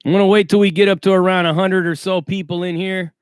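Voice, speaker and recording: Quick-paced and level in tone, a high-voiced man runs a casual livestream, calling out chat names and greeting viewers in street slang. His voice is clear and resonant, captured in a dry, clean studio recording.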